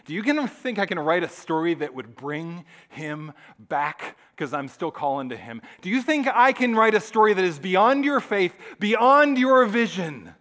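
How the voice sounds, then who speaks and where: God in a sermon, calm and fatherly, spoken quietly and steadily in a fairly high voice, as a preacher puts him on. The tone is reassuring and unhurried. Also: heavily acted.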